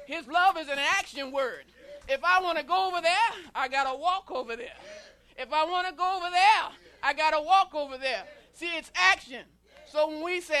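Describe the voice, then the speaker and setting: High, bright-voiced woman preaching. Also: a little slow. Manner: call-and-response, repeating lines, building to shouts. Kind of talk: sermon. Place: church sanctuary.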